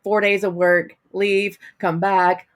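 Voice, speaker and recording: Woman co-host telling an animated story. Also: medium pitch, takes it slowly. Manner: storytelling, acts out her own past remarks. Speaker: podcast co-host. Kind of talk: casual chat.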